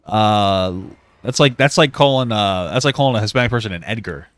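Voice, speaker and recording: Lower-voiced man on a dead-dry mic, a laughing, disbelieving live-reaction commentator. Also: brisk, a bit bright, no room sound. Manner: laughs often, shocked and exclaiming. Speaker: stream co-host reacting.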